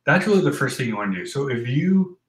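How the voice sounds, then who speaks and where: A man in casual personal talk, earnest and halting, with many fillers and restarts. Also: medium pitch, big pitch swings, roomy sound, poor audio. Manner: reads from a list aloud. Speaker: host talking about mental health.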